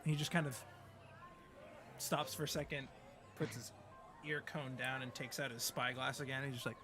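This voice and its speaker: A man's voice: medium pitch, steady tone, moderate pace, music in the background. A man narrating as game master of a tabletop game, hesitant and full of fillers.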